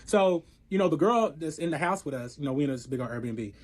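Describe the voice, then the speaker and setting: Casting note: man with a high, quick voice, spilling a wild story with lots of swearing. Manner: animated, profane, acts out both sides of arguments. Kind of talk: casual storytelling.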